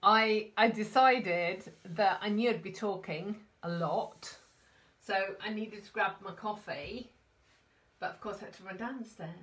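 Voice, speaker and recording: A woman's voice: fairly high pitch, pushed and bright, far from the mic. A woman from the UK hosting a casual craft live stream, out of breath and chatty, greeting viewers by name.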